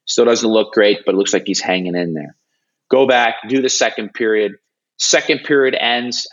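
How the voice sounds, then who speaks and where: A young man with a low voice tells a story in an interview, earnest and animated, acting out what people said. His speech is full of restarts and fillers. The audio is dull and muffled. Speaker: hockey broadcast analyst.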